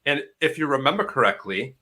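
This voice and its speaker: A man's voice: medium pitch, expressive, a little fast, pushed and bright, poor audio. A man with a Boston accent, co-hosting a casual livestream and talking in a blunt, profane, emphatic way.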